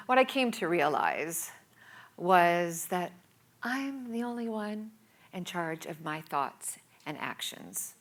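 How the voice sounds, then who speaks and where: Slow, animated woman telling a story. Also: lowish voice. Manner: dramatic, playful delivery with whispered asides. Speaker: speaker. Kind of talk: scripted storytelling talk.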